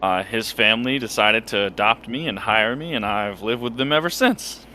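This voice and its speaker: An earnest young male inventor, bewildered and rambling eagerly, as a man voices him. His voice is bright and slightly low. The line is spoken in character at a tabletop game. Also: moderate pace, a little hiss or hum.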